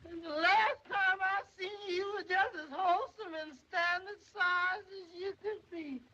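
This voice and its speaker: A fussing, kindly housemaid who sounds fretful and near tears and uses folksy grammar. Her voice is very high and bright. It comes from a dull, lo-fi 1930s film soundtrack with a faint hiss. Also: measured pace, full character voice. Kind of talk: 1930s film comedy acting.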